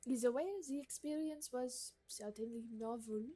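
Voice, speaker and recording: A woman voicing a snobbish, demanding gourmet woman in a put-on French accent, reading game dialogue aloud in a drawn-out, theatrical way. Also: on the high side, warm tone, close to an everyday voice. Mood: disappointed.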